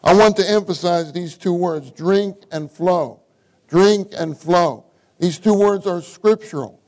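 A middle-aged man preaching to his congregation, voice set a touch high for a man. He reads scripture aloud and keeps circling back to his key words, repeating them for weight. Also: a little mellow, low-quality recording. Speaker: church speaker. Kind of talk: sermon.

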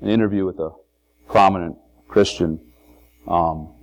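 A man's voice: low voice, steady tone, measured pace, dull audio. A man preaching an informal sermon to a congregation, in a conversational way, with many asides and rhetorical questions. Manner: conversational, frequent "you know" and restarts, rhetorical questions. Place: meeting hall with a congregation.

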